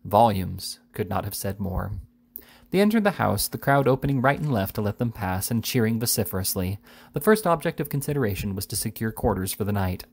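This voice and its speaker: A man reading a classic novel aloud with a lively, theatrical delivery. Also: fairly low pitch, a little fast, vocal fry, breathy edge. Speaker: audiobook reader.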